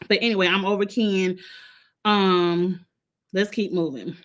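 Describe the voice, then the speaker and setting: A woman's voice: mid-range voice, steady tone, a little slow. A woman from Illinois with a blended Midwestern and Southern US accent, giving a blunt, sassy, opinionated recap of reality TV in casual chat. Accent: Midwestern US mixed with Southern US. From Illinois, USA.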